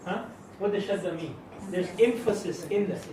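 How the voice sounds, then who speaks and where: A man's voice: high voice, moderate pace, recorded from a distance, background noise. A man teaching a religious lesson to a class of students, emphatic and quizzing them with questions as he goes. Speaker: Islamic teacher. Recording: echoey room recorded from afar.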